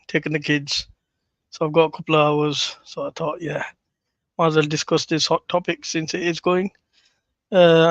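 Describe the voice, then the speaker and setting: A man hosts a casual livestream and mocks what he watches in blunt, profane terms. His voice sits a little high for a man. The sound is dry and close. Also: fairly bright tone, no room sound, highs cut off. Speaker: livestream host.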